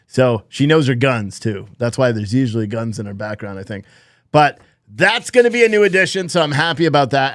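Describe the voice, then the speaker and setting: A man's voice: mid-range voice, no room sound, clean studio sound. A man hosting his own live stream, chatting casually and rambling through announcements with lots of fillers. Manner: rambling, loose, filler-heavy. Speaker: channel host.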